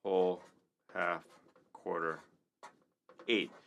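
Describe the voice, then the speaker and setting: A man's voice: deep voice, flat delivery, very slow, gravelly, fairly bright tone. A man teaching a casual rhythm lesson, upbeat and chatty, counting beats aloud. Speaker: percussion teacher.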